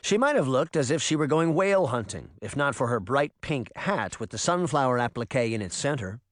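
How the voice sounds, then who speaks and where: A man reading an audiobook in expressive storytelling narration. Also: medium pitch, brisk, dry recording, clean studio sound. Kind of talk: scripted narration.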